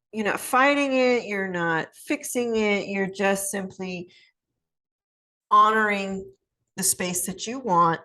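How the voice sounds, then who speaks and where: Woman, casual advice talk, loose and chatty, slightly low pitch, gravelly fry. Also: a bit bright. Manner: chatty, rambling, lots of fillers and "right?"; acts out little quoted scenes in changed voices. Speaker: podcast host, life coach.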